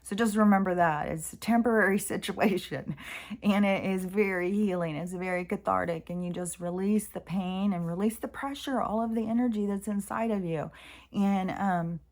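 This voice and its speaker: A woman's voice: medium pitch, moderate pace. A middle-aged woman vlogging about her spiritual healing, talking in an earnest, meandering way with many fillers. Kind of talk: rambling personal reflection.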